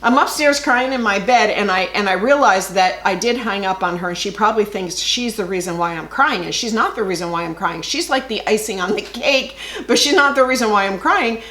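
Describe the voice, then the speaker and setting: A woman's voice: mid-range voice, expressive, brisk, few pauses, bright, forceful tone. Earnest woman co-host, echoey room. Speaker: podcast co-host. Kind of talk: casual chat.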